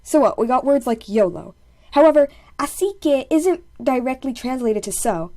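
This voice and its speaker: A young woman narrating a casual story-time video in a chatty, animated way, full of jokey asides. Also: high-pitched, moderate pace, no room sound.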